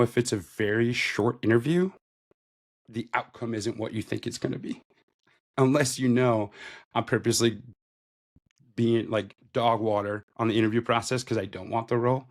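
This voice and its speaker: A man in his thirties, a podcast guest, recounting his career in a loose, conversational interview style, with lots of "like". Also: mid-range voice. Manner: loose and conversational, heavy use of "like". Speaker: podcast guest, retail store manager. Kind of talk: casual interview storytelling.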